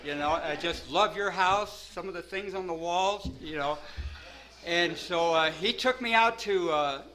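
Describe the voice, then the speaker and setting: Rambling high-voiced man telling a wild story. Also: measured pace, bright, forceful tone, rough recording. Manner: rambling, full of "you know" and "man", laughs at himself. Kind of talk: first-person storytelling.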